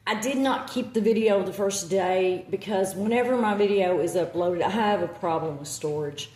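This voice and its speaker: A woman's voice: medium pitch, moderate pace, a little mellow, echoey room. A woman with a Southern accent chatting casually to her phone camera, rambling with lots of ums and self-corrections. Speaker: witch vlogger.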